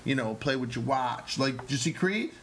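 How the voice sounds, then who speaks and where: A man's voice: medium pitch, normal speed, slight background noise. A man, a working actor, chatting casually and animatedly, swearing often as he retells stories from acting classes. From New York. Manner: animated, swears often, acts out yelling teachers. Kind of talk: casual storytelling chat.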